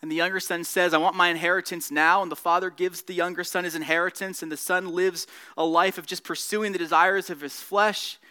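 Bright-voiced male pastor preaching. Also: a little high, smooth. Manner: earnest preaching, rising in emphasis and dropping soft at closes. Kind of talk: sermon.

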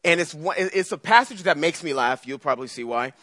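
Lively preacher guy, talks like he's chatting w the crowd, bright voice, dry close sound. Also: fairly high pitch, fast talker, no echo. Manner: animated, conversational, acts out scripture voices. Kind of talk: sermon.

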